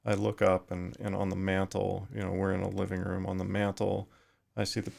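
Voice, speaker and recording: A middle-aged man with a low, heavily gravelly voice speaks in a level, even tone. He talks reflectively as a podcast guest, often pausing and restarting his sentences. His pitch stays low and changes little. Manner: thoughtful, halting with frequent restarts. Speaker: retired firefighter guest.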